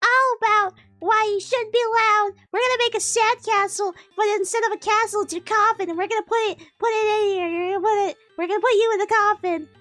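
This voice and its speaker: A woman's voice: very high-pitched, fairly even intonation, brisk, hardly any pauses, a bit bright, no echo, soft background music, voice pushed up. A woman voicing a pair of rude little beach kids who make childish threats. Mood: menacing.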